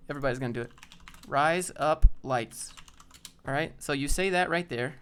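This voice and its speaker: A man's voice: mid-range voice, rapid-fire, a bit bright, slight background noise. A young man hosting a casual live stream, thinking aloud as he browses job listings and answers viewers.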